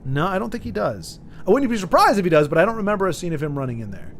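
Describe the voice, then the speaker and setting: A man's voice: high-pitched, big pitch swings, rapid-fire, slight background noise. A man streaming live, chatting casually and rambling while he reads out viewer comments, with frequent restarts and chuckles.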